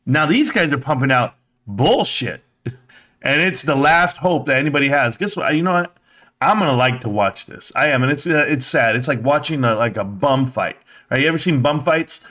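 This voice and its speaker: A man's voice: medium pitch, animated, moderate pace, fairly bright tone. A man hosting a live stream, giving blunt, mocking, profane reaction commentary.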